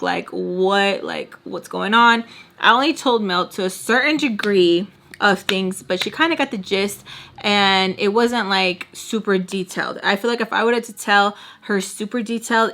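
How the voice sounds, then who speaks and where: A young woman in her twenties telling a storytime to camera in a casual, animated way, acting out what people said. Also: medium pitch. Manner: animated, acts out other people's lines. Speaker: storytime vlogger.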